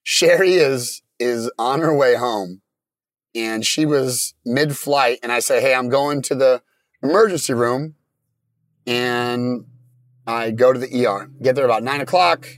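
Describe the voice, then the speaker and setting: Guy telling his own story, mid pitch, dry close sound, halting, lots of restarts. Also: no room sound. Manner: plain, halting retelling with many restarts. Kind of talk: personal story told in casual talk.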